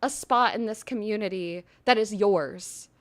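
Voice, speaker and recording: A young woman hosting a live stream, chatting casually and gushing effusively, swinging between loud excitement and soft earnest talk. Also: medium pitch, measured pace. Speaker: livestream host.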